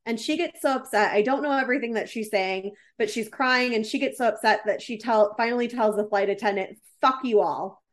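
Woman telling a story, lots of "like"s, kinda high voice, casual chat. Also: brisk, few pauses. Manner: animated storytelling with many "like" fillers.

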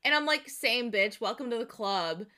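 A woman's voice: fairly high pitch, animated, moderate pace, pushed and bright. A young woman co-hosting a casual podcast chat, giggly and crude as she retells scenes with lots of animation. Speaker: podcast co-host.

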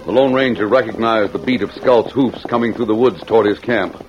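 A man narrating an old radio drama in a measured, dramatic way. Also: lowish voice. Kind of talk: scripted narration. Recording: dull old radio recording with music.

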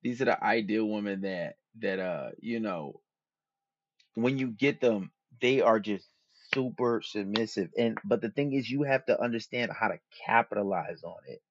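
On a dull, dry lo-fi recording with no room sound, a podcast host with a lowish male voice talks at a normal speed. He delivers a casual monologue of dating advice, slangy, profane and loosely rambling.

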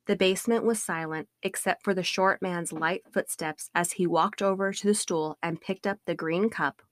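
A woman co-hosting a podcast, calmly reading a true-crime book excerpt aloud on a close studio mic. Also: on the low side, moderate pace, dry recording. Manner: calm, even narration. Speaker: podcast co-host.

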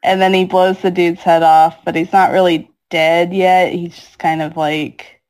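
A woman's voice: on the low side, flat delivery, a little mellow, low-quality recording. Chatty young woman recapping a manga. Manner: chatty, acts out characters' lines in quick put-on voices. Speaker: podcast co-host. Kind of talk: casual chat recapping a manga.

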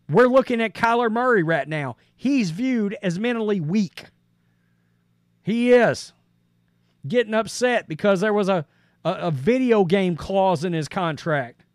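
Reading out quotes and then offering his own opinion, a high-voiced man hosts a sports podcast in a blunt, casual style. The recording is dry and close, free of room sound.

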